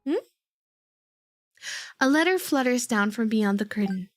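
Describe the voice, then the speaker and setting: A woman streaming a story game, reacting out loud with lots of giggling and emotion. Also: on the high side, expressive, measured pace, pauses often, soft background music.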